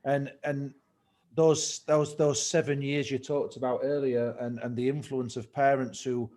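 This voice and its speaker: A man's voice: medium pitch, level tone, a little slow, darkish tone. Easygoing man hosting a podcast. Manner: laughs easily, thinks aloud with restarts. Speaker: podcast host and swim coach. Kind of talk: casual podcast interview.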